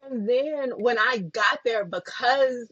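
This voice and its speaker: Young woman, slightly high voice, dry dull sound. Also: slow pace, husky, no room sound. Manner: lively, laughing, fillers like "um" and "like". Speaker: podcast co-host. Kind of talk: casual storytelling chat.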